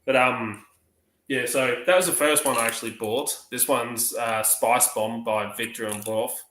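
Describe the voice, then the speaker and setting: Aussie bloke on a hangout stream, bright tone in a roomy space, spins long stories with quoted voices. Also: male voice, medium pitch, fairly even intonation, measured pace, a little hiss or hum. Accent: Australian. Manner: rambling storyteller, acts out quoted dialogue. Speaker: livestream panelist. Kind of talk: casual chat.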